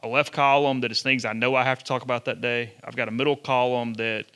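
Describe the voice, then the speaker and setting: A man, a sports journalist telling lively stories to students. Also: medium pitch, fast talker, clear, resonant tone. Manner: animated storyteller, acts out quotes. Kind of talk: storytelling talk to students.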